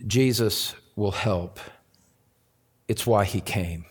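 A man preaching to his congregation at an unhurried, deliberate pace. He poses questions and answers them slowly and earnestly, at times rising to loud, high emphasis. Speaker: pastor. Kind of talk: sermon.

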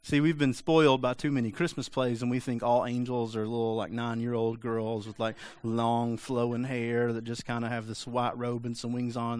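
A man's voice: medium pitch, clear, resonant tone, no room sound. A male pastor giving a sermon in a casual, joking, conversational way.

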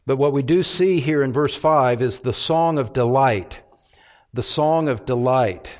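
A male pastor preaching a sermon, calling his listeners beloved and rising in pitch and volume on the points he stresses. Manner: rises in pitch and volume for emphasis, slows on key phrases.

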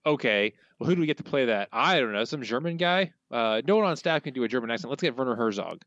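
A man's voice: mid-range voice, animated, fast talker, a bit bright, no echo. A man co-hosting a podcast, picking an episode apart in a dry, sardonic way. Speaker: podcast co-host. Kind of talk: casual podcast discussion. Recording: dull, lo-fi dry sound.

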